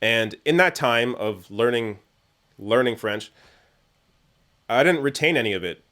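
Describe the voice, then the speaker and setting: A man's voice: medium pitch, expressive, a little slow, fairly bright tone. Chatty Canadian man reading live chat. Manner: chatty, laughs often, trails off with fillers. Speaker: livestream host answering chat.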